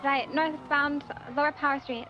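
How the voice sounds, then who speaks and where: A woman's voice: high-pitched, little pitch movement, normal speed, muffled recording, music in the background. A woman playing a police officer in a role-play game, calling out chase directions with hesitant fillers. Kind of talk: police radio call-outs in role-play. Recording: loud game sirens and engines behind.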